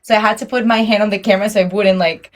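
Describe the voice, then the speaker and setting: A woman's voice: medium pitch, racing. A woman hosting a podcast in casual chat, rambling and laughing often. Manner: giggly, rambling, excitable. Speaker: podcast host.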